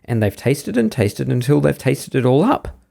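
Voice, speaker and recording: A man voicing a small boy bear cub with a squeaky, shrill voice in a storybook reading. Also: very animated, normal speed, creaky, dark tone. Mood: whiny.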